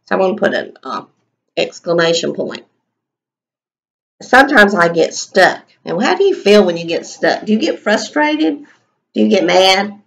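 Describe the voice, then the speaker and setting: A woman teaching young children a writing lesson, sounding out words slowly and asking the class questions as she writes. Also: mid-range voice, big pitch swings, vocal fry, rough recording. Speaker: kindergarten teacher.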